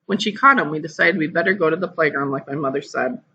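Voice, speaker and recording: A teacher reading a children's novel aloud to a class over a video call, lively and putting on voices. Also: mid-range voice, fast talker, slightly rough, highs cut off. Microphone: computer mic on a video call.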